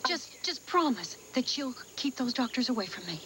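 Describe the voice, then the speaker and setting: A woman's voice: high voice, very animated, normal speed, noisy background. An actress playing a stubborn, folksy frontier woman lost in modern times, in a 1980s TV soap. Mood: frightened. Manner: folksy old-fashioned talk, pleading. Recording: TV soundtrack with music underneath.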